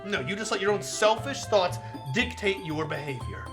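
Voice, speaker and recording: A woman voicing a reserved, articulate teenage girl in a visual novel, speaking in a measured, cutting way. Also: medium pitch, expressive, fairly bright tone, soft background music, natural voice. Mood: cold.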